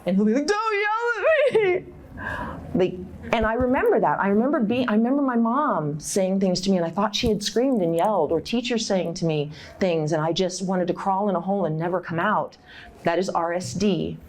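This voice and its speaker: A middle-aged woman giving a live workshop talk at a conference, direct and encouraging, laughing often and jumping into high voices to act out inner thoughts. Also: fairly quick. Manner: animated, acts out inner voices with big pitch jumps. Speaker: conference speaker. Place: conference room.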